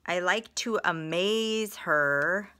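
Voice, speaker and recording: A phonics teacher with a fairly low-pitched, clean-toned voice moves through her lessons without hurrying. She sounds bright and a bit forceful, patiently drawing out each example word and sentence.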